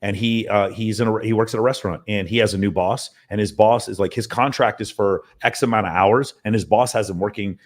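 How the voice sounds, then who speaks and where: A man talking as a podcast guest about his sales team, in an emphatic, profane, rapid-fire way. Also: on the low side, steady tone. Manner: emphatic, profane, talks in long runs. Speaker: podcast guest, mentoring business owner. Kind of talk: casual podcast interview.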